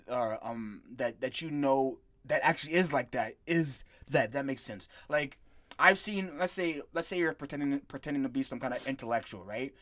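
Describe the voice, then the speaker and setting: A man's voice: fairly high pitch, fairly bright tone. Young man rambling sarcastically on a podcast. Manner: rambling, sarcastic, swears freely, laughs often. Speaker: podcast co-host. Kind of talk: casual podcast chat.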